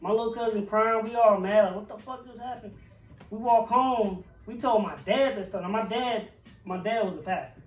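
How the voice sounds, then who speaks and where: A man's voice: sits high, moderate pace. A man, a chef and podcast co-host, telling a rambling, profane story in casual chat with many fillers. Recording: roomy, distant mic with faint music.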